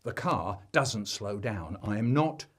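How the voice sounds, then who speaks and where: A man telling a comic family story, acting out the children's shouts in an animated way. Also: on the low side, takes it slowly.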